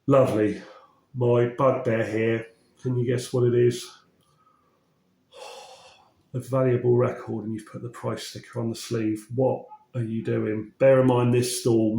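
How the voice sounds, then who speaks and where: A man from England chatting casually about records he collected, his voice slightly croaky after a cold, enthusiastic and often correcting himself mid-sentence. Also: medium pitch, little pitch movement, normal speed, warm tone. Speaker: vinyl collecting vlogger. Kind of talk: casual chat. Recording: roomy echo.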